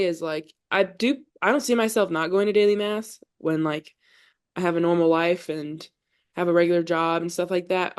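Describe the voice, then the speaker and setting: This young woman's voice is on the low side, smooth and darkish. A guest on a podcast who plays college volleyball, she earnestly talks through her faith in casual conversation and keeps saying "like."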